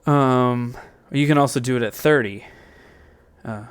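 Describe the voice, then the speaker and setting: A man's voice: medium pitch, a little slow. Rambling man explaining synth settings. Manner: loose and thinking aloud, with many fillers and restarts. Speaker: music tutorial host. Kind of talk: rambling software tutorial.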